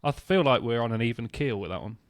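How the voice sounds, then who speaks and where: A man's voice: mid-range voice, expressive, fast talker, dry recording, studio quality. A man co-hosting a podcast, trading cheeky, crude banter in a casual chat. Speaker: podcast co-host.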